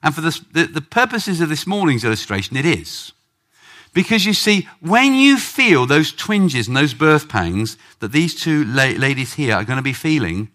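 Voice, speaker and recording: A man preaching a sermon in church, animated, acting out prayers with big swings in pitch and loudness.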